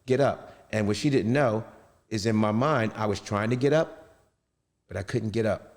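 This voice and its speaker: A middle-aged man telling his own story in an interview, halting and often restarting his sentences. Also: lowish voice. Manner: halting, with many restarts and fillers. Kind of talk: personal storytelling. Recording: long reverb.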